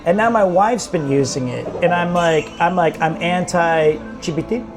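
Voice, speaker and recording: A man's voice: fairly high pitch, a little slow, over music. A man in a casual chat over drinks in a bar, rambling and restarting his sentences. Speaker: guest. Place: bar or pub.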